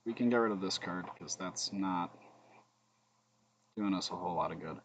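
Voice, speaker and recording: A man's voice: low-pitched, moderate pace, muffled recording, a little hiss or hum. A man streaming a card game, thinking aloud between plays, humming and muttering, with joking asides to his chat. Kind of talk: casual gameplay commentary.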